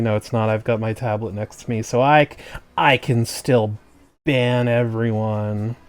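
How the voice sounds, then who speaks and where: Male streamer, casual and joking, mid-pitched, close dry desk mic. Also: fairly even intonation, unhurried, clear, resonant tone, dry recording. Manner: chatty and jokey, trails off and restarts. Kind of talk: casual chat with stream viewers. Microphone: desk microphone.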